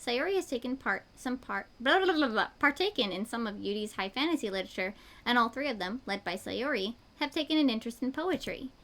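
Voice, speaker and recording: A woman streamer reading a fan story aloud, giggly and lively, sometimes tripping over words. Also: a little high, brisk. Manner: giggly, lively narration with stumbles. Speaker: streamer reading a visual novel.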